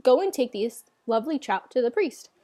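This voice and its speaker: A woman's voice: fairly high pitch, sing-song, normal speed, warm tone. Storybook father, stern and insistent, voiced by a woman narrator. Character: stern father of a little boy.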